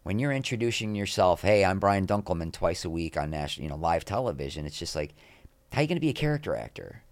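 A man's voice: sits low, fast, no echo. A middle-aged man, an interview guest, telling candid, rambling, self-deprecating stories and acting out the people he quotes. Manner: rambling, self-deprecating, animated when quoting others.

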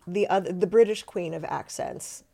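A middle-aged woman, an actor, chatting in an interview and telling stories in an animated, self-deprecating way with quick asides. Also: fairly low pitch, gravelly. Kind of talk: casual interview chat.

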